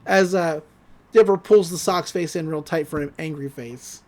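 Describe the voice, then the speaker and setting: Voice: medium pitch, moderate pace, darkish tone. A podcast host recapping a cartoon episode in casual chat, laughing often and acting out the characters' lines.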